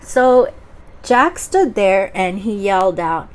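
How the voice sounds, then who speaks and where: A young adult woman telling a children's story aloud, slowly and expressively, with many pauses. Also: mid-range voice, lively intonation, darkish tone. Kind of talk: oral storytelling for kids.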